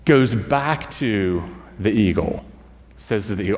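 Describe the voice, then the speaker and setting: A man who is a school chaplain, telling a folk tale in a relaxed, conversational sermon with fillers and asides to the congregation. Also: on the low side, measured pace. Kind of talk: storytelling sermon. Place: church. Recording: church hall reverb.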